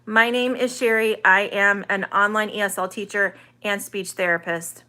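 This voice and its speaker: A woman's voice: medium pitch, steady tone, normal speed, bright, forceful tone. A woman, an online English teacher, chatting through a live-stream Q&A, reading viewer comments aloud and carefully sounding out vowels.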